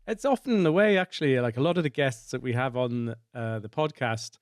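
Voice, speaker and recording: A man's voice: mid-range voice, a little fast, no room sound, clean studio sound. A man in his forties hosting a podcast interview, asking long, rambling questions. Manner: rambling, uses many fillers. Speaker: podcast host.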